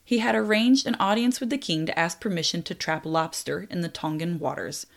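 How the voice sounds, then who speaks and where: A young woman tells a true adventure story with lively energy. Her voice sits a touch low for a woman, and she breaks off now and then for casual, apologetic asides. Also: brisk, vocal fry. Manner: lively, laughs at own slips, apologetic asides. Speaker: narrator.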